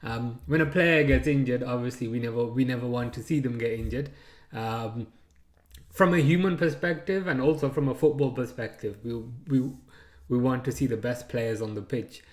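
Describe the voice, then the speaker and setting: A man's voice: medium pitch, moderate pace, echoey room. A man in his thirties hosting a live football watchalong, chatting, laughing and reading out viewer comments. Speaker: watchalong streamer.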